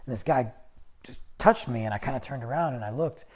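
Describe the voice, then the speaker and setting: A man hosting a podcast, telling a personal story in a chatty, animated way and acting out what people said. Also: mid-range voice, fairly quick. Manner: animated, chatty, acts out other people's lines. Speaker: podcast host. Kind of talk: casual storytelling.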